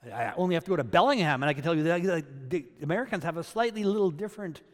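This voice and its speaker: A man from Canada preaching a sermon. He swings between loud, emphatic peaks and quiet asides. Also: fairly high pitch, lively intonation, rapid-fire, big-room sound. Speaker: pastor.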